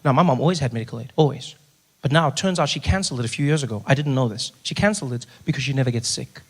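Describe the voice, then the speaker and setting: A man doing stand-up storytelling, animated and exasperated, often launching into loud rants. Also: mid-range voice, rapid-fire, breathy edge. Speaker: stand-up comedian.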